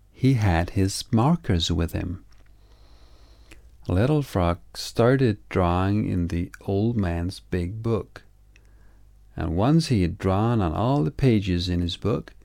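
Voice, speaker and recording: A man reading a children's story aloud in slow, measured storybook narration. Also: sits low, gravelly, darkish tone, no echo.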